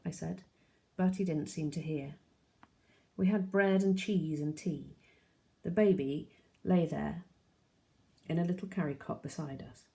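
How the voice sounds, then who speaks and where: A woman teacher reading a novel aloud to her class in a steady, plain storytelling manner. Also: deep voice, vocal fry.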